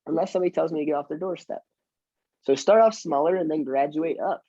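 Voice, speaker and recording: A man who works in real estate as an agent and trainer speaks fast in a slightly high voice with a dark tone, recorded dry with dull audio. He chats casually while teaching, poking fun at himself and acting out his door-knocking lines.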